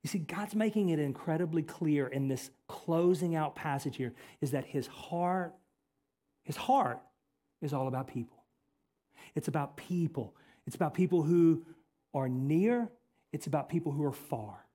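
A male pastor preaching a sermon, repeating key phrases and swinging between forceful emphasis and hushed, earnest passages. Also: on the high side, a little slow.

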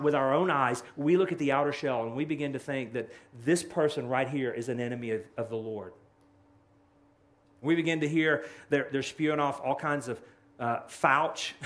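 A man preaching a sermon with an urgent, earnest push. His voice sits a touch high, and he often restarts phrases as he presses his point. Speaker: pastor.

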